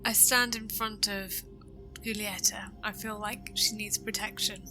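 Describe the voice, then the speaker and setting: A woman's voice: medium pitch, little pitch movement, unhurried, pushed and bright, soft background music. A woman playing a tabletop game, describing her character's actions. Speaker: player.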